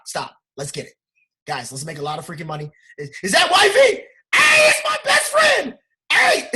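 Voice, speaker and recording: A man giving a loud, fired-up, blunt motivational talk as a guest trading teacher, laughing often. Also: medium pitch, slightly rough.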